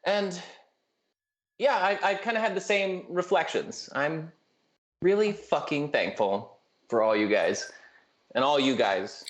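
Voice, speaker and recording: A man's voice: a little high, lively intonation, measured pace, long pauses. A man with an upbeat manner who laughs often, chatting casually as a player on a live stream.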